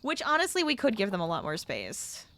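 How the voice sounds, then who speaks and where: With a mid-range voice and wildly swooping pitch, a young woman chats with her stream while gaming, getting exasperated along the way. She talks briskly, with a sharp tone.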